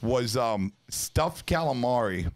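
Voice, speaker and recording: A man's voice: medium pitch, lively intonation, slow. Profane, rambling man in casual chat. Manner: loose, profane storytelling with many restarts.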